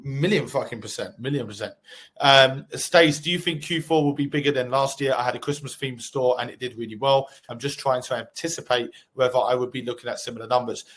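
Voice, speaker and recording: A man's voice: mid-range voice, brisk, a bit bright. A man co-hosting a live webinar, reading out viewer questions and answering them in a hyped, sweary, motivational way. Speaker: co-host.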